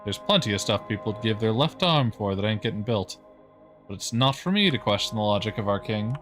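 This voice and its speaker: A man voicing a gruff, chatty working-class graveyard keeper in a game, folksy and full of slang. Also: lowish voice, animated, a little fast, fairly bright tone, soft background music.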